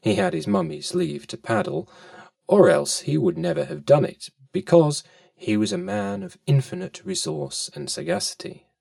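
A man's voice: on the high side, sing-song, normal speed, creaky, a little mellow, no room sound, studio quality, recorded from a distance. A man reading a children's story aloud with a playful, lilting delivery and fond asides to the listener.

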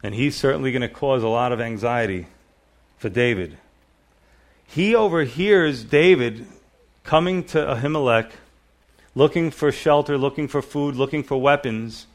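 A pastor giving a relaxed evening Bible sermon, retelling the story casually with lots of "you know.". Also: male voice, medium pitch, a little slow.

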